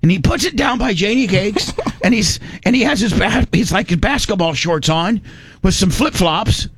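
A man's voice: high voice, animated, normal speed, a bit bright, slight background noise. A man from Indiana telling a rambling, folksy story in casual chat, slipping into voices for the people he quotes.

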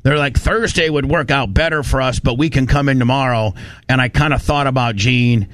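Man, radio host, animated storytelling rant, mid pitch, dry studio sound. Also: fairly quick, no echo. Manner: animated, fired-up, quotes people in his retelling. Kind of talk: casual on-air storytelling rant.

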